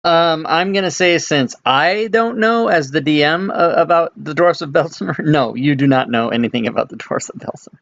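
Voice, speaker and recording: A man's voice: a little high, vocal fry. Laid-back male dungeon master, lo-fi mic. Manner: relaxed, halting narration with many fillers. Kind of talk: running a tabletop game over voice chat. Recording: dull lo-fi mic.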